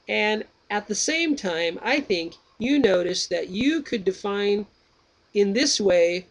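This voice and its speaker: A man voicing the philosopher Socrates, reading his questions slowly and deliberately. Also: high-pitched, lively intonation, pitched above the performer's own voice, full character voice. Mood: probing. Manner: slow, measured, drawn-out reading. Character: Socrates, old male Greek philosopher, patient questioner.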